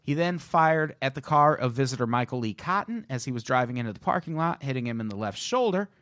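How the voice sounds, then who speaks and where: Lively, joking male podcast co-host. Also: mid-range voice, fast, no echo, clean studio sound. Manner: profane, joking tangents while reading a case. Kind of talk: casual true-crime storytelling.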